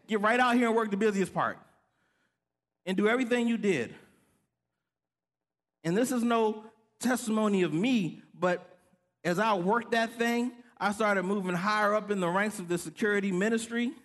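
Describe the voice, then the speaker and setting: A man preaching a sermon, telling a story with animated delivery and acting out the voices of others. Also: high voice.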